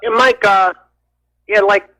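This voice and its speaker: A man from New Jersey calling into a radio show, rambling and halting with fillers. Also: high voice, fairly even intonation, bright, forceful tone. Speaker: caller. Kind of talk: call-in radio conversation. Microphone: telephone. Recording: tinny phone line.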